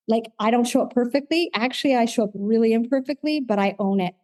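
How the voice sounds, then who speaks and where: A middle-aged woman sharing her recovery story at a meeting, animated, acting out her own past conversations. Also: fairly high pitch, normal speed, dry recording. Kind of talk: personal testimony in a recovery meeting.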